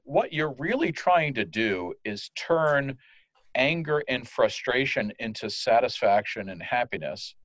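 A man from France, a guest in an interview, explaining in a lively way and acting out the phrases he quotes. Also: mid-range voice, dry recording. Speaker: guest, customer service manager. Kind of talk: conversational interview.

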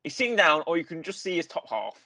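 A man's voice: on the high side, very animated, quick pace, pushed and bright, no echo. A man co-hosting a casual film podcast, rambling with frequent ums and restarts. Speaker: podcast co-host.

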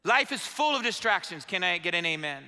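Middle-aged male pastor, very high bright voice, fervent call-and-response preaching, long church-hall reverb. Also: big pitch swings, a little fast, smooth. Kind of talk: sermon. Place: church sanctuary.

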